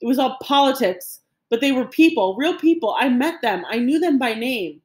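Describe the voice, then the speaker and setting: A woman's voice: medium pitch, moderate pace, roomy sound, lightly acted. A woman reading an audiobook voices an old Cuban grandfather who is haunted by guilt, speaking earnestly and with grief. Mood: anguished. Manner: earnest, pleading, grief-stricken.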